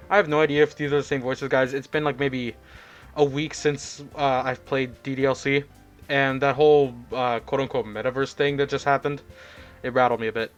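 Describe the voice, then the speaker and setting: A young man giving casual, rambling let's-play commentary, speaking softly because it is late at night. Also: mid-range voice, level tone, a little fast, faint music behind. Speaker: gaming YouTuber.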